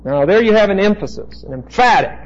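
A man teaching a Bible passage as a preacher, slow and deliberate, pausing to spell out Greek words. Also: sits high, lively intonation, dull audio.

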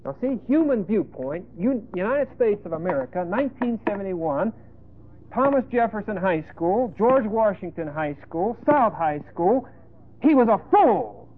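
A male preacher giving a folksy sermon, emphatic, with sudden loud bursts and asides. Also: high-pitched, animated, normal speed. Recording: tinny phone-like lo-fi sermon tape.

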